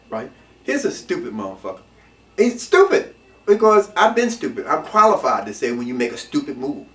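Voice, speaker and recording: A middle-aged man telling stories from his past in an interview, using street slang and swinging between low mutters and loud, emphatic outbursts. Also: big pitch swings, fast talker. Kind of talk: animated storytelling. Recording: roomy echo, mic at a distance.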